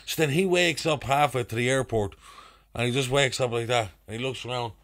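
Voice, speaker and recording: Irish guy in his twenties, Dublin accent, rowdy anecdote teller, mid-pitched voice. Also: fairly quick. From Ireland. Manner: animated anecdote-telling with crude slang and put-on voices. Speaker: podcast guest, actor. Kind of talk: casual storytelling.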